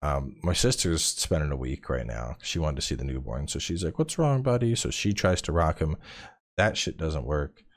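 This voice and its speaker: A tired man in his thirties, a podcast guest chatting casually and telling animated stories with plenty of swearing. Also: very deep voice, moderate pace. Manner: animated storyteller, swears freely. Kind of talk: casual chat.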